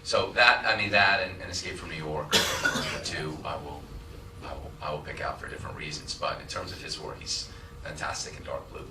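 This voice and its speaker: A man on a festival panel talking in a soft, musing way. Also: very deep voice, steady tone, brisk, noisy background. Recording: echoey hall, distant mic.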